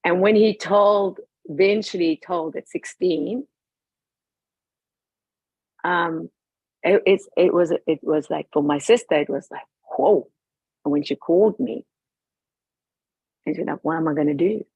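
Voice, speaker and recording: A woman's voice: lowish voice, measured pace, long pauses, darkish tone, breathy edge, no room sound. A woman guest talking with passion, emphatic and outspoken about her views. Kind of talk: passionate personal talk. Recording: dull lo-fi recording.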